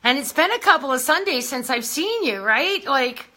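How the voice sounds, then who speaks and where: Bubbly high-voiced woman hosting a livestream. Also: lively intonation, moderate pace, sharp tone. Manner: chatty, greets viewers by name. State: a little out of breath. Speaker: beauty brand host. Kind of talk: casual livestream chat.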